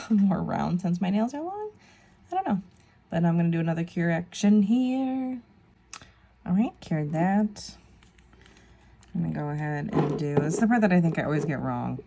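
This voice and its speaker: A woman in her thirties talks through her nail tutorial in a relaxed, rambling way, tossing in self-deprecating asides. Her voice sits a little low, with a warm, mellow tone and a gravelly edge. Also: a little hiss or hum. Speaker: nail vlogger. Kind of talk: casual tutorial chat.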